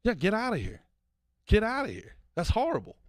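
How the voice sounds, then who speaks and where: A man co-hosting a comedy podcast, ranting in a casual, animated way that swings from loud outbursts to mumbled asides. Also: high voice, a little fast, no echo, clean studio sound. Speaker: podcast co-host.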